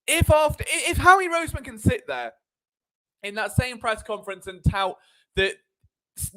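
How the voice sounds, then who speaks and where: High-voiced man hosting a sports stream. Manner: animated, sarcastic, digressive. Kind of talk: live sports commentary chat.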